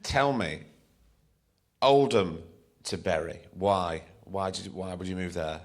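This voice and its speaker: A man's voice: low-pitched, slow. A man hosting a podcast, asking questions with dry, teasing remarks. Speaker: podcast host. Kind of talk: casual interview chat.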